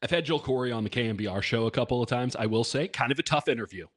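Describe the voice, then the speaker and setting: A man co-hosting a casual sports podcast, with a voice of ordinary middle pitch. He talks in a wry, self-deprecating way and keeps slipping jokes in between his points. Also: racing. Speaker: podcast co-host.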